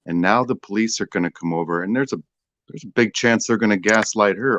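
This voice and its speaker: A man's voice: fairly low pitch, brisk, a bit bright, dry recording, dull audio. A man speaking as a guest on a livestream panel in a sarcastic, mocking way. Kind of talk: casual livestream chat.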